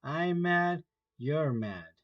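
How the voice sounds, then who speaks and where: A man's voice: a little high, lively intonation, drawn-out words, dull audio. A man reading aloud who voices a sly, grinning cat that speaks in teasing riddles.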